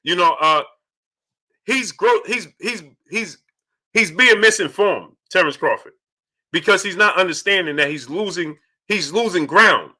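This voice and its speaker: Bright-voiced animated male boxing host. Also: sits high, a little slow. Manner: animated, repeating shout-outs to viewers. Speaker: boxing talk show host. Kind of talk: livestream commentary reading out super chats.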